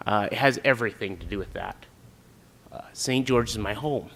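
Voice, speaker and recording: A man's voice: on the low side, moderate pace, gravelly, a bit bright. Earnest man giving a prepared speech. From Utah, USA. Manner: earnest, with frequent filler sounds. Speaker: applicant for a city council seat.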